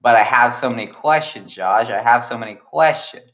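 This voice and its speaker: A man's voice: mid-range voice, moderate pace, a bit bright, lightly acted. A man doing a pleading rat girl. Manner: pleading, insistent.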